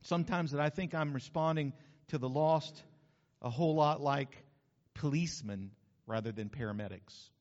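A man preaching a sermon as pastor, lively and conversational with asides to the congregation. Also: a little high, moderate pace. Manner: animated preaching with asides and acted-out quotes. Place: church sanctuary. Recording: dull sound with long hall reverb.

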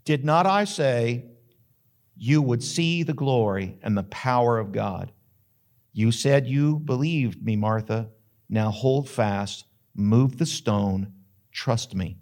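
A solemn prophet speaks in a deep, slow, commanding voice, each word grave and firm, as a male preacher acts him out. The tone is weighty and measured. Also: darkish tone.

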